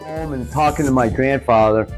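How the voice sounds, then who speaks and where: A man in his seventies retelling an old memory in a plain, halting way, as an interview guest. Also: mid-range voice, music in the background, rough recording. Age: 70s. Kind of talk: casual storytelling interview.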